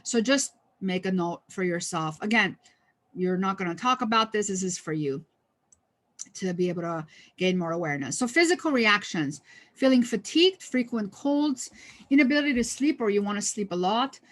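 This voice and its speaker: A woman's voice: medium pitch, lively intonation, moderate pace. A woman trainer giving a conversational workshop talk on stress, with lots of fillers and restarts and a touch of humor. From United States. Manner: lightly humorous. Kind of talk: online training presentation.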